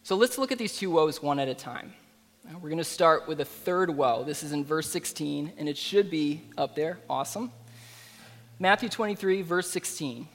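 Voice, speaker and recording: Man, sermon, casual conversational preaching, fairly high voice, long echoing reverb. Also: expressive, normal speed. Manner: conversational, with fillers and asides.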